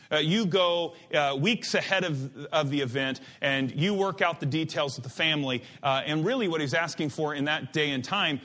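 A man preaching a sermon, animated and emphatic, drifting into asides and restarting his sentences. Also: on the high side, moderate pace. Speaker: pastor.

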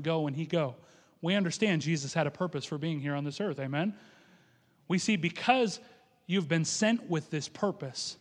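High-voiced male preacher, quotes scripture and voices its figures, echoey church hall. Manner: quotes scripture aloud and acts out the speakers in it. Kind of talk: sermon.

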